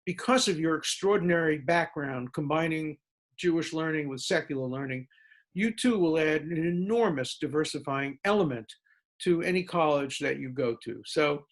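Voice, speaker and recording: A man who is a law professor, answering student questions in a lecture-style talk. He speaks emphatically, piles up lists of words, and turns sarcastic to make a point. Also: normal speed. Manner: animated speaker with big pitch jumps for emphasis.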